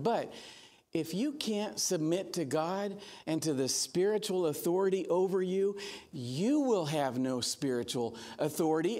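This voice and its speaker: A male pastor preaches in a church, his voice sitting notably high for a man. He takes his time, speaking slowly and deliberately. He is earnest, but he slips in humor and acts out little quotes as he teaches. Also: a little mellow. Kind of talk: sermon.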